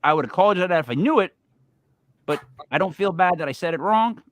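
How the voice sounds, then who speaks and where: Animated, emphatic male podcast host. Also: high voice, fast talker. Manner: animated, emphatic, repeats words when making a point. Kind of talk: casual podcast chat.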